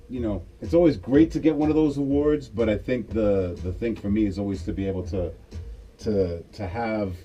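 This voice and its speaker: A man from the United States, a DJ guest in a casual radio interview, talking in a relaxed, reflective way. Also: lowish voice, lo-fi sound, a little hiss or hum. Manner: relaxed, reflective, quick to laugh. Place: radio studio.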